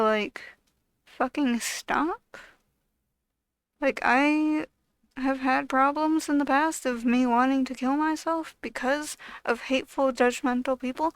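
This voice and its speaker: Woman, high-pitched, smooth clear voice, exasperated profane rant, dry close sound. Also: no echo. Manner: blunt, heavily profane, exasperated ranting; loose, filler-heavy delivery with frequent "like". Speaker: video creator. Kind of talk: ranting vlog monologue.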